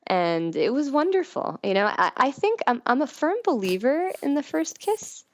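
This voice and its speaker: A woman's voice: high-pitched, big pitch swings, normal speed, dry recording, studio quality. A woman guest on a podcast, chatting candidly and giggling as she tells stories and acts out what people said. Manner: giggly storytelling, acts out quoted dialogue. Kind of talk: candid casual chat.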